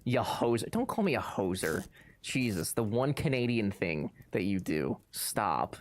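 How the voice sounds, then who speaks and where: A man's voice: lowish voice, normal speed, a little hiss or hum. A young man streaming, chatting casually and bantering jokingly with his chat. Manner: joking, animated, playfully defensive banter. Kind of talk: casual chat reading live chat.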